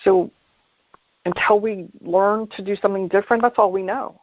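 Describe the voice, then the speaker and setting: A man hosting a reflective solo talk on mindfulness, unhurried and thoughtful, often pausing and restarting his phrases. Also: sits high, steady tone, no echo. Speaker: podcast host. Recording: dull lo-fi dry recording.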